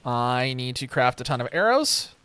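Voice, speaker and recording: A man's voice: medium pitch, big pitch swings, moderate pace, sharp tone, clear, resonant tone. A young man streaming a game from home, rambling in casual commentary with wry, sarcastic asides. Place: home room with a webcam.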